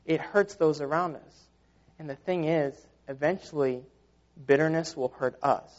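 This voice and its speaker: Casual, earnest male preacher, fairly high voice, dull muffled recording. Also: unhurried. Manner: earnest, conversational with repeated fillers. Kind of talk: sermon. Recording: dull lo-fi sound.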